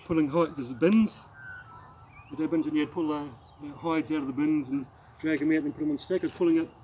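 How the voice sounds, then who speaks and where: A middle-aged Australian man telling a rambling anecdote as a martial arts instructor, halting and restarting as he demonstrates the moves. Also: a little high, warm tone, slight background noise, rough recording. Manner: rambling, halting storyteller who demonstrates moves while talking. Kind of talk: casual spoken anecdote with demonstration.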